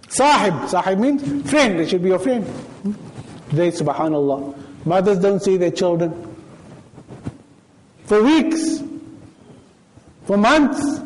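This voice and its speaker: A man preaches with a high-set voice. He moves between storytelling and recited Arabic verses. His emphasis rises and falls as he drives each point home. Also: a little mellow, poor audio. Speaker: sheikh giving a talk at a mosque. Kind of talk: sermon.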